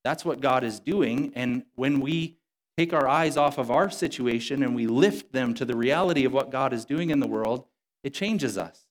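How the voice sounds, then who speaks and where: A male pastor giving a sermon in a relaxed, conversational tone, sometimes acting out quoted lines in casual speech. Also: mid-range voice, normal speed.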